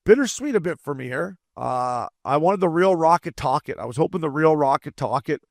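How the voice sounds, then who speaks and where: A man co-hosting a casual hockey podcast as a former player, swearing freely and breaking into animated impressions. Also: on the high side, fairly quick, creaky, dry recording, clean studio sound.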